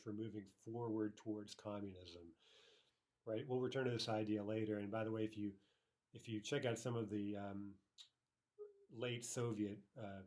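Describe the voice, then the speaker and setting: A man with a low voice teaching a language lesson. He explains grammar in a patient, step-by-step way, often checks in with "right?" and slows down to repeat example phrases carefully. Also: a little mellow. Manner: explanatory, frequent "right?" checks, slow careful Russian repetitions.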